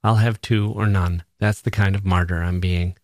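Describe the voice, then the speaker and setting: A man's voice: sits low, fairly even intonation, moderate pace, no room sound, lightly acted. A man voicing a wry young newspaper woman who is feeling ill, in a dry, understated way.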